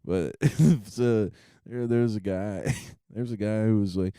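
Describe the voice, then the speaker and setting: Laid-back man with a dark, dry voice. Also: lowish voice, unhurried, hardly any pauses, clean tone, dry recording. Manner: laid-back, laughs often, says "dude". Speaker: podcast co-host. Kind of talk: casual comedic banter.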